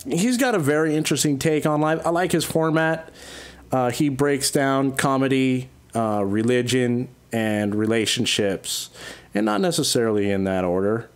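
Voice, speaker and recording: Man, podcast host, casual intro, halting, filler-heavy. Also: mid-range voice. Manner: relaxed, halting, many fillers.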